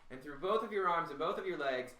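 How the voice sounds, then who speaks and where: A man leading a guided voice warmup as a voice teacher, talking in a slow, calm way. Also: a little high. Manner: slow, calm guiding, with loud called-out "hey"s. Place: home room during the pandemic. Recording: echoey room, mic at a distance.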